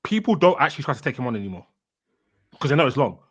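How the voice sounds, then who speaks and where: A man co-hosting a casual podcast, giving animated football analysis. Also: mid-range voice, racing, slightly rough. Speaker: podcast co-host. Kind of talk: casual chat.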